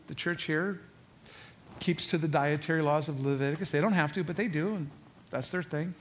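A man preaching a sermon, animated, acting out quotes and asking the listeners rhetorical questions. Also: mid-range voice, slight background noise. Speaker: pastor.

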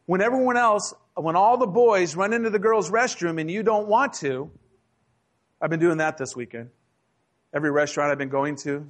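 High-voiced man preaching a sermon. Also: a bit bright. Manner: humorous, conversational preaching with acted asides. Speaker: pastor. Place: church sanctuary.

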